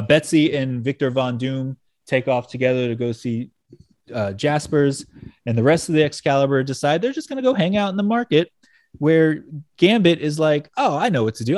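A man's voice: on the high side, a little mellow, no echo. Man recapping casually, dry close sound. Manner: loose, profane retelling with frequent laughs and fillers. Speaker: podcast host recapping a comic issue. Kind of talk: casual chat.

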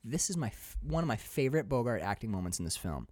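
A man in casual talk about an old film, retelling scenes with lively acted-out lines and free swearing. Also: mid-range voice, fast, dry recording, studio quality. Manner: animated retelling, acts out movie lines, swears freely. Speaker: podcast co-host.

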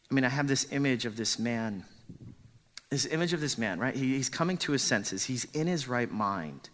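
A man's voice: medium pitch, animated, moderate pace. A man preaching a sermon with dramatic emphasis, dropping to pleading whispers when he voices a character. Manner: rises to loud emphatic peaks.

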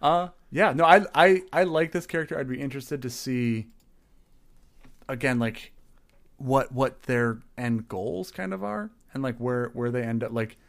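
A man's voice: mid-range voice, unhurried, vocal fry. A young man co-hosting a podcast, chatting casually and rambling with lots of fillers. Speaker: podcast co-host. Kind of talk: casual chat.

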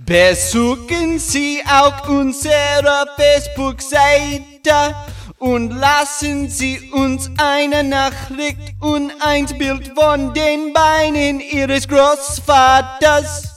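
A man's voice: extremely high pitch, fairly even intonation, very slow, a bit bright, faint music behind, voice pushed up, full character voice. A man putting on a Jamaican accent to deliver a podcast promo in a sing-song, rhythmic way.

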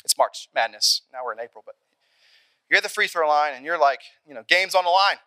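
A young adult man preaching a sermon in an animated, conversational way, acting out little scenes along the way. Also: a little high, brisk, dry recording. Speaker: pastor.

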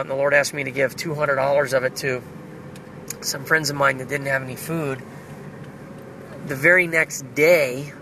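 A man's voice: on the high side, creaky, pushed and bright, slight background noise, poor audio. A man recording an earnest, reflective spiritual video diary, speaking prayerfully about his faith. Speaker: video diarist. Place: car.

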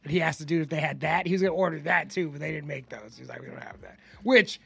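A man's voice: a little high, fast, creaky, slightly rough. A man telling stories in a casual podcast chat, acting out the people he quotes. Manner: animated storyteller, acts out quotes. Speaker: podcast host.

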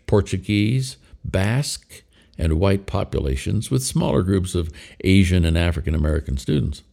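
An older man narrating a memoir in a measured storytelling way. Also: low voice, vocal fry, mellow.

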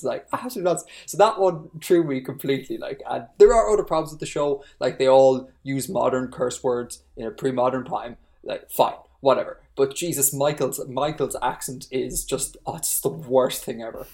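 Animated podcast co-host. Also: normal speed, few pauses. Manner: animated ranting, rising pitch when worked up. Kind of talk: casual podcast chat.

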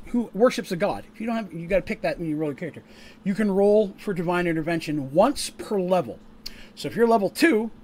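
A man narrating a tabletop game as game master, casual and full of fillers, pausing to explain rules. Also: high-pitched.

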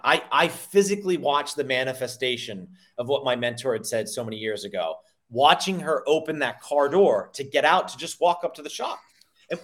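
Man, sales coach, podcast guest, energetic storyteller, repeats words. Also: fairly high pitch. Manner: energetic, repeats words and restarts, quotes people in lively voices. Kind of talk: conversational interview storytelling.

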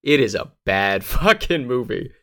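A man's voice: medium pitch, sing-song, unhurried, fairly bright tone. A man co-hosting a podcast, ranting bluntly and with profanity, breaking into laughs in casual chat. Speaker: podcast co-host.

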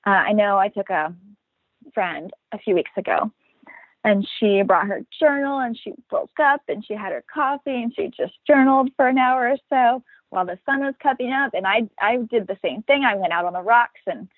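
A woman's voice: medium pitch, expressive, normal speed, no echo. A woman in her thirties, a guest in a casual interview, talking in an upbeat, matter-of-fact way and acting out the voices she quotes. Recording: dry, tinny phone-like line.

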